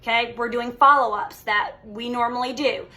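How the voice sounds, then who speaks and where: Bright, emphatic woman coaching her team. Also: fairly high pitch, fairly even intonation, moderate pace. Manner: emphatic, coaching, peppered with "okay?" and "all right?". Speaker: direct sales team leader. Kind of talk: motivational group training talk.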